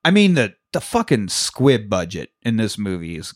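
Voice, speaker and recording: With a lowish voice and big pitch swings at a moderate pace, a man co-hosts a podcast and recaps a film in casual chat. His manner is profane and jokey; he laughs often and acts out scenes.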